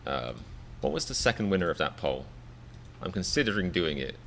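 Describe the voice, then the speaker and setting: English guy, 30s, rambling live stream chat, lowish voice, self-mocking, bit of a grumble. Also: very animated, fairly quick, gravelly, a bit bright, slight background noise. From England. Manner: rambling, self-deprecating, mock-exasperated.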